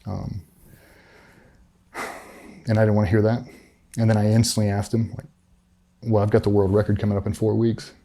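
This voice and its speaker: Middle-aged male guest, candid and profane storyteller, dark low voice. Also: level tone, moderate pace, vocal fry, pauses often. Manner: blunt, profane, matter-of-fact retelling. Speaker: interview guest, former special operations veteran.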